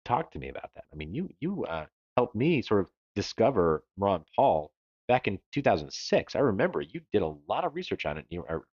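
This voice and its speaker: A man's voice: fairly low pitch, big pitch swings, brisk, a little mellow, breathy edge, no room sound, highs cut off. A man co-hosting a live stream, chatting casually and joking as he reads viewer comments aloud. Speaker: livestream co-host.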